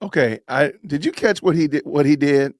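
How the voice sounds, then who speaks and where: A man's voice: fairly high pitch, normal speed, darkish tone, dry recording, clean studio sound. A man hosting a podcast livestream, commenting on a clip in a sarcastic, mocking way. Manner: sarcastic, mocking, laughs often. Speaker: podcast host.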